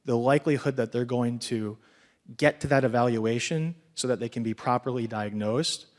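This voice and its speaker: Nervous man at a distant mic. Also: mid-range voice. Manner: nervous, halting, many restarts. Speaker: assistant public defender asking a question. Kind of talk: audience question at a panel.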